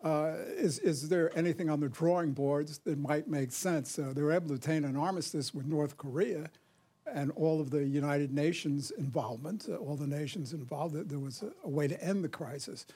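A man in the audience asking a formal, deliberate question. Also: fairly high pitch, warm tone, breathy edge.

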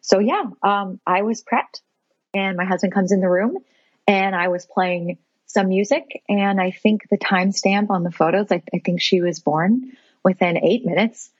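A woman's voice: mid-range voice, normal speed, breathy edge, no echo, lo-fi sound. A woman in her thirties, a podcast guest, telling a personal story in an earnest, heartfelt, self-reflective way.

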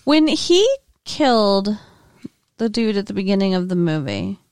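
A woman co-hosts a casual podcast and trades movie opinions in a chatty, wry, offhand manner. Her voice sits at an ordinary middle pitch. The sound is dry, with no room echo. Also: big pitch swings, a little slow, a little mellow, clear, resonant tone. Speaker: podcast co-host. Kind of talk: casual movie review chat.

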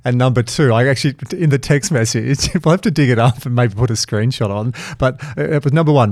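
A man hosting a podcast, telling stories in a lively way and swearing freely in casual conversation. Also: mid-range voice, brisk, few pauses, no echo, clean studio sound. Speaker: podcast host.

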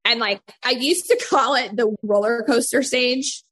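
A woman's voice: on the high side, unhurried, fairly bright tone. A woman in her thirties, a parenting coach, chatting casually and filling her speech with "like". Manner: chatty, many fillers like "like". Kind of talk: casual chat.

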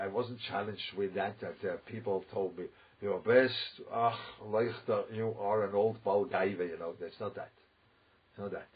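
Rabbi type, husky and lowish, emphatic and digressive, dull lo-fi recording. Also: male voice. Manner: rambling, emphatic, full of asides and quoted voices. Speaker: rabbi giving a talk. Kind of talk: informal religious talk.

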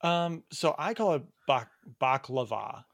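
A man's voice: medium pitch, no room sound. Playful mid-voiced man chatting. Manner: playful, quick to laugh. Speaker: podcast co-host. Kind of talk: casual chat.

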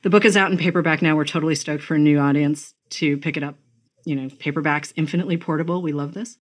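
Podcast host, woman from Massachusetts, enthusiastic and chatty, lower pitch. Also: fairly even intonation. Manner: chatty, enthusiastic, quick asides. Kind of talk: casual interview chat.

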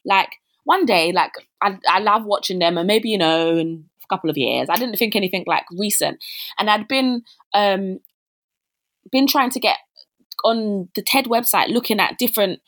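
A woman's voice: mid-range voice, normal speed, fairly bright tone. A young woman, a podcast guest talking casually and full of fillers, acting out her own past remarks as she tells her story. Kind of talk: casual interview chat.

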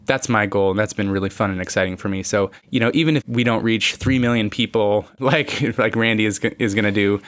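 A man's voice: fairly low pitch, brisk, hardly any pauses, a bit bright, no room sound. A man co-hosting a podcast, a therapist reflecting earnestly on his work with some playful teasing. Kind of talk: casual chat.

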